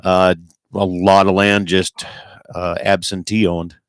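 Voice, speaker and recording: A man hosting an outdoors radio show, chatting in a relaxed, folksy way and handling the on-air setup himself. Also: low voice, takes it slowly, smooth, no room sound. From Dakotas, United States. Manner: relaxed, folksy, runs the show's tech on air. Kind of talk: casual outdoors radio chat.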